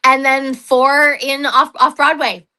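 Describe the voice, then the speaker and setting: A woman's voice: high-pitched, fairly even intonation, takes it slowly, pushed and bright, a little hiss or hum, low-quality recording. A woman from New Mexico talking casually in an interview about her solo stage show, chatty and self-deprecating, with frequent fillers. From New Mexico, USA.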